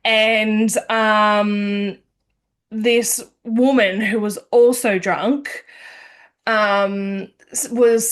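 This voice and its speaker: A woman's voice: medium pitch, fairly bright tone. A woman hosting a podcast, telling a personal story in a candid, meandering way. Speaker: podcast host.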